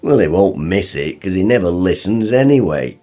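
A man's voice: deep voice, very animated, moderate pace, mellow, faint music behind. An actor playing a blunt, sarcastic working-class father with a northern English accent, grumbling and teasing his son in a radio play. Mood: gruff.

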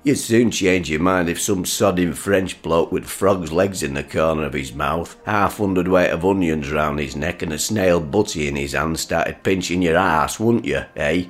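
A man's voice: deep voice, moderate pace, few pauses, natural voice. A man playing a grumpy, blustering working-class father in a radio play. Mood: ranting. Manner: gruff, blustering, sarcastic.

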